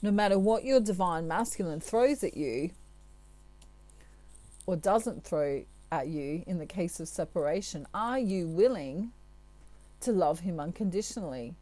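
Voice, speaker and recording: A woman, a tarot reader, giving spiritual advice to her viewers in a chatty, gentle way with asides. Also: on the low side, lively intonation, unhurried.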